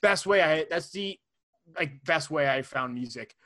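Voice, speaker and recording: A man's voice: fairly high pitch, expressive, measured pace, sharp tone. A young man co-hosting a podcast, joking and teasing in casual chat. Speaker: podcast co-host.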